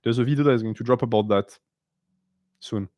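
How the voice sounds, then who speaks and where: This stream host answers viewers' questions with blunt sarcasm, mixing English and French in a relaxed Q&A. He speaks briskly in a mid-range voice; the audio is dry but dull.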